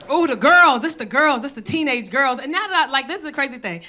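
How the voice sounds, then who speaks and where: A woman doing stand-up, blunt and profane, shouting punchlines and dropping low for asides. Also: lively intonation, fast, few pauses, a faint crowd. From South Bronx, New York. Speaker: stand-up comedian. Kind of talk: stand-up routine. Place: comedy club stage.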